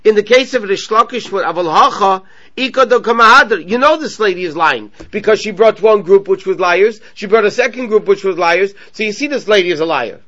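High bright-voiced man teaching Talmud. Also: a little fast. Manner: repetitive, restates each point. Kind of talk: Talmud class, reading and translating line by line. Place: synagogue study class. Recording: dull lo-fi recording.

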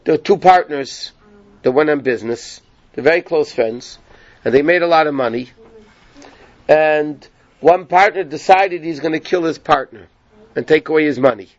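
A man's voice: on the high side, moderate pace, dry recording, highs cut off. A man teaching a Torah class, retelling a rabbinic story in a conversational way and checking in with his listeners. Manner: conversational, asks "yeah?" of listeners.

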